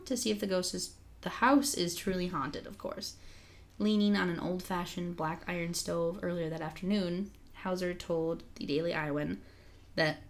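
A young woman with a fairly low voice reads a news article aloud in a relaxed, chatty way. She breaks off now and then for jokey asides and giggles. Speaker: podcast co-host reading an article aloud. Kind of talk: casual chat reading a news story.

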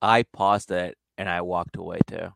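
A man with a low voice trades joking asides with his podcast co-host. He reacts quickly, and the sound is close with no room echo. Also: steady tone, gravelly, fairly bright tone. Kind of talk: casual comedic chat.

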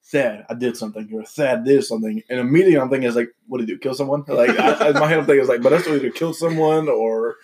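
A man's voice: mid-range voice, rapid-fire, few pauses, darkish tone. A man in a casual chat among friends, teasing and animatedly retelling a phone call. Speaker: friend in conversation.

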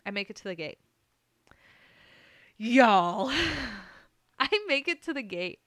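A woman's voice: on the high side, very animated, takes it slowly, long pauses, fairly bright tone, no echo, clean studio sound. A young woman hosting a podcast, animatedly telling a personal story, often laughing and swearing freely. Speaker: podcast host.

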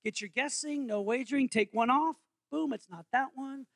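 A man's voice: extremely high pitch, moderate pace, vocal fry, a bit bright, dry recording. A man preaching as interim pastor, in a playful, jokey way, quizzing his congregation during an interactive holiday sermon.

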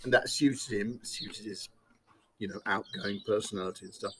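A man's voice: fairly low pitch, fairly even intonation, moderate pace, background noise. A man interviewed in a casual chat, telling a rambling anecdote and chuckling often.

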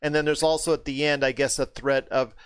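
A man hosting a casual movie chat, getting animated and rising in pitch when something puzzles him. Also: a little fast, clear, resonant tone, dry recording. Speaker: podcast host.

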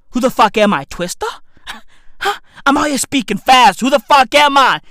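A woman doing a profane, boastful comedic podcast rant at home, full of slang and loud outbursts. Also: high-pitched, lively intonation, unhurried, no room sound, clean studio sound. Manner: boastful, slangy, shouty and laughing, calls listeners bruv. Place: at home, neighbor's dog nearby.

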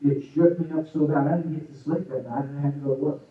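A man's voice: fairly high pitch, fast talker. A man telling his own testimony in a sermon, storytelling with lots of energy and acting out the quotes. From Arizona, USA. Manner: animated storytelling with acted-out quotes. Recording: echoey far-off phone-like sound.

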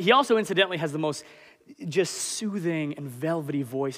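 A man in his late twenties preaching a sermon as pastor, animated and conversational. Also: on the high side. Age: 20s. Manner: animated, conversational, self-deprecating. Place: church hall. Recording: long hall reverb.

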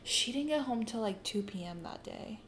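A young woman co-hosting a podcast, telling a story in casual chat, animated and swearing freely as she acts out the people in it. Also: fairly high pitch, normal speed, echoey room, a little hiss or hum. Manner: animated, swears a lot, acts out quoted voices. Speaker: podcast co-host.

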